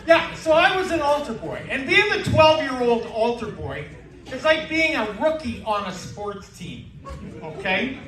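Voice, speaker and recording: A Canadian man in his sixties performs stand-up on a casino club stage, firing off brash, crude punchlines in an extremely high, bright, forceful voice with big pitch swings and an unhurried pace. The recording is roomy and distant, picking up crowd noise.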